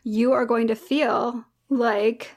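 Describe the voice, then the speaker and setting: Animated mother telling a story, higher voice. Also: slow. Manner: animated storyteller, acts out dialogue. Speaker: mother of young girls. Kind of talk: casual chat.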